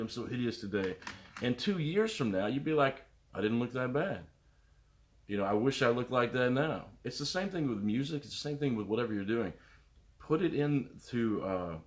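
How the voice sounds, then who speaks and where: A middle-aged man, a musician, rambling casually to viewers on his live stream, greeting them by name and jumping between topics. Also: on the low side. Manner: animated, jumps between topics.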